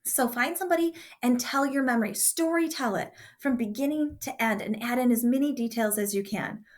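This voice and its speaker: A woman's voice: on the high side, brisk. A woman teacher giving a classroom writing lesson and telling a chatty story from her own childhood. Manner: chatty storyteller with warm asides.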